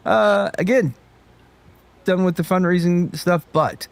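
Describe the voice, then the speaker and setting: A man's voice: sits high, slow pace, gravelly, long pauses. A man hosting a casual livestream chat, joking and cursing and laughing often. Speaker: livestream host.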